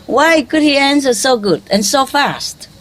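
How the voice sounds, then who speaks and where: Woman spiritual teacher, unhurried delivery, chuckles a lot, quizzes the room. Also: high voice, animated, a bit bright. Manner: chuckling often, quizzing listeners, in loose conversational English. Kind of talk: informal teaching talk to an audience.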